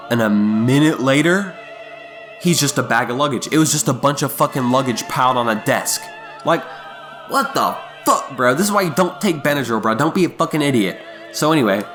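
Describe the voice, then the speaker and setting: A man's voice: mid-range voice, bright, forceful tone. A young man casually telling a rambling, profanity-heavy story, with faint music behind him.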